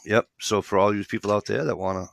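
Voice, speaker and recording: A man's voice: lowish voice, steady tone, fast, creaky, a bit bright, no room sound. A man co-hosting a casual talk show, rambling through a story and retelling both sides of the dialogue, swearing casually. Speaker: podcast co-host.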